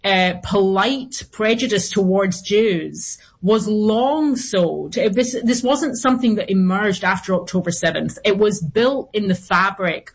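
A woman's voice: medium pitch, a little slow, hardly any pauses, slightly rough. A woman being interviewed as a guest commentator, speaking earnestly with some restarts. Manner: earnest, with frequent restarts and fillers.

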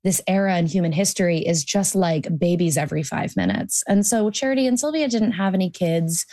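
A young American woman speaks as a guest on a radio interview. Her voice is warm and mellow at an ordinary pitch. She thinks aloud, circling back with restarts and casual fillers. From United States. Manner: thoughtful, rambling with restarts and "like". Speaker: cartoonist guest.

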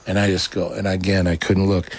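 A man, a guest on a talk show, telling his own life story casually, rambling and excitable with lots of restarts. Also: sits low, fairly quick, breathy edge. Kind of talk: casual storytelling in a podcast interview.

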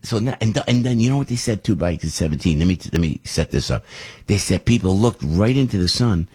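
An older man hosting a radio show, telling a story in a rambling, animated way. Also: low voice, a little fast, husky. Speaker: radio host. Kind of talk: casual radio monologue.

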